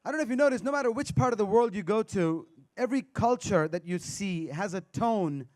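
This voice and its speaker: A man performs stand-up on a live stage, his voice sitting notably high. He bounces between observational bits and playful crowd-work banter. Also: expressive, brisk, a little mellow. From India. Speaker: stand-up comedian. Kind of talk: stand-up comedy.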